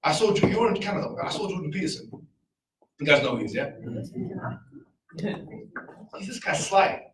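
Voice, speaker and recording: A man giving a casual, argumentative talk to a live audience, full of rhetorical questions and quick asides. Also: fairly high pitch, sing-song, reverberant, recorded from a distance, background noise. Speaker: speaker.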